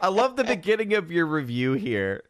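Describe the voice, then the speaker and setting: A man's voice: on the high side, big pitch swings, normal speed, background noise. A man chatting casually on a podcast, riffing on jokes in a playful way. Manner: playful, jokey, riffs on ideas. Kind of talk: casual chat.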